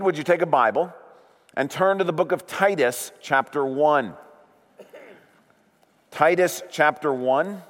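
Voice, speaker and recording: Slow, measured pastor in reverberant hall. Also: male voice, a little high. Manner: slow, deliberate preaching with drawn-out emphasis. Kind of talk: sermon.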